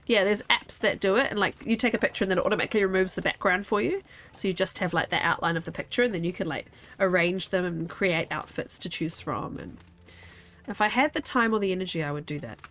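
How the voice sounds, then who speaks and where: A woman's voice: medium pitch, quick pace, fairly bright tone. Young woman game streamer, tired and yawny, just chatting and rambling to chat. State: sleepy, yawning. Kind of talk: casual gameplay chat.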